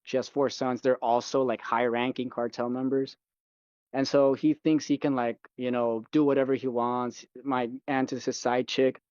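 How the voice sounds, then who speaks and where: Guest: young man, loose profane storyteller, mid-pitched, dull lo-fi mic. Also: level tone, moderate pace, darkish tone, clean tone, no echo. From United States. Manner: rambling, profane storytelling full of fillers. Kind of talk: casual chat.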